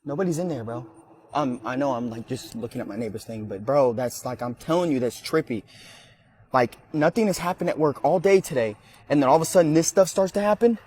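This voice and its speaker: A man's voice: medium pitch, lively intonation, fairly quick, a little mellow, a little hiss or hum. A young man filming himself on his night shift, nervous and jumpy, talking in slang and breaking off mid-sentence. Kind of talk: frightened self-filmed clips. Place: indoors, store at night. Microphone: handheld phone camera.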